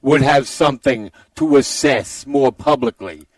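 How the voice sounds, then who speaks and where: A crude, boastful comic-book villain fused with a president, as a man plays him in podcast improv. The voice is gravelly and pitched a bit high, and it lurches up and down as he brags. The sound is close and dry. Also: wildly swooping pitch, unhurried, no room sound, heavily acted. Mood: crude boasting. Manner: lewd, bragging, gravelly put-on villain drawl. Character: crude boastful male Trump-Bane villain hybrid.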